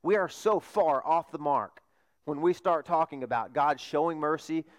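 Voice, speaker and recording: A male pastor preaching a sermon, putting questions to the congregation and dropping to a hush for emphasis. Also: a little high, moderate pace.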